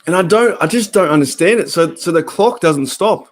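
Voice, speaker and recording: An Australian man hosts a casual live-stream reaction to a football game, rambling between bursts of excitable play-by-play. His voice sits on the high side at a normal speed.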